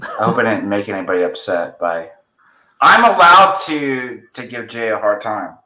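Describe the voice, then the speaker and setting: A man's voice: lowish voice, sing-song, normal speed, pushed and bright, echoey room. A man joining a podcast over a video call, chatting casually and joking. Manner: joking, playful. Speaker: podcast guest.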